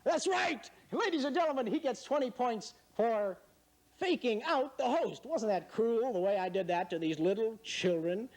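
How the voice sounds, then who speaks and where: With an extremely high-pitched, animated voice at a moderate pace, a man hosts a comedy quiz game before an audience. He teases the contestants with wry, mock-serious jokes.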